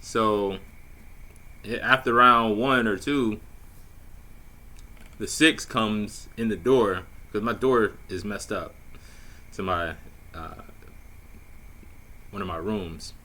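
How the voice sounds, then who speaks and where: Slow, laid-back man telling a story. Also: on the low side, bright, forceful tone, slight background noise. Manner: laid-back, slangy and profane, many fillers. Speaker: vlogger telling a dating story. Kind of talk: casual storytelling.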